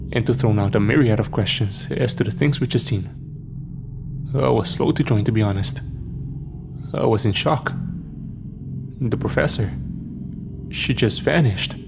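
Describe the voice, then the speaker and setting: A man narrating a scripted horror story in a dramatic, measured way. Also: lowish voice, gravelly. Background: soft background music.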